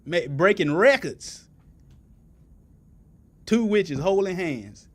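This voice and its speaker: A man's voice: high voice, lively intonation, takes it slowly. A man preaching a sermon in folksy vernacular, asking the congregation for answers and building to emphatic peaks.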